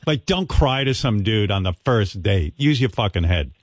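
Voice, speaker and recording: An older man hosting a radio show, chatting bluntly and crudely, telling stories with lively asides. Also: lowish voice, normal speed. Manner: blunt, crude, animated storytelling with quoted voices. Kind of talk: casual radio banter.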